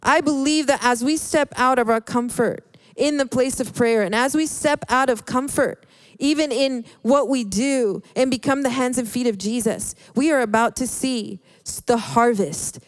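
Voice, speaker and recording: A woman preaching a sermon in an earnest, halting way, often restarting her words. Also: high voice, clean tone, no room sound. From Hispanic background.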